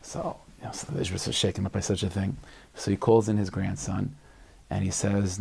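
Gravelly low-voiced rabbi telling stories. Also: male voice, flat delivery, a little fast, darkish tone. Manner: casual, conversational, with fillers. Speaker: rabbi and storyteller. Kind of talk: storytelling talk.

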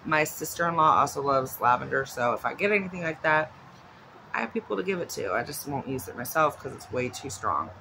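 A woman's voice: extremely low pitch, expressive, brisk, gravelly, noisy background. A woman vlogging at home in a casual, chatty way, rambling off into asides. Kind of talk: casual chat. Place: at home with her dog nearby.

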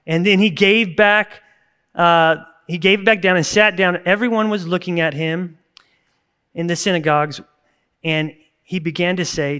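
A man's voice: high voice, normal speed, sharp tone, smooth. A man in his thirties, a pastor preaching a sermon in a conversational, earnest way, breaking into sudden bursts of emphasis. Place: church service recording.

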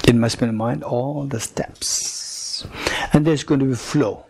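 Buddhist teacher, male, gravelly husky voice, slow deliberate repetition of each teaching point. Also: mid-range voice, steady tone, a little mellow. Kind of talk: retreat teaching, paused for interpretation. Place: retreat center teaching room.

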